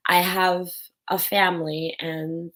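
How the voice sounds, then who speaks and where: Young woman venting on her vlog, kinda low voice, teary and real, cusses a bit. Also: flat delivery, takes it slowly, fairly bright tone. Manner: raw, tearful and candid, swears. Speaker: vlogger. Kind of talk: emotional personal vlog.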